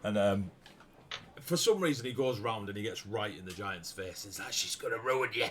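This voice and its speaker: A man running a tabletop game as game master, narrating the scene with a lively manner and frequent laughs. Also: on the low side, moderate pace, slight background noise. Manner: lively, laughs often, bursts into shouted character lines.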